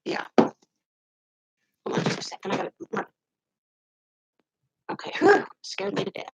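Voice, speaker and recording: A woman in her fifties venting heatedly to her camera, swinging between loud outbursts and muttered asides. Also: medium pitch, slightly rough, poor audio. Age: 50s. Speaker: vlogger. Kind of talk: casual ranting to camera.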